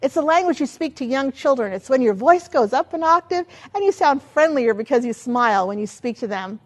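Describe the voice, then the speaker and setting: An older woman giving a lively teaching talk as a children's ministry trainer, asking many rhetorical questions. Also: high voice, a little fast.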